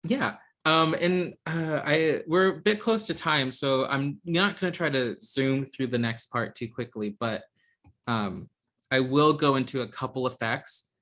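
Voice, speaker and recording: A man's voice: medium pitch, unhurried, fairly bright tone. Man teaching a hesitant online class. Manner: hesitant, lots of ums and restarts. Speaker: instructor.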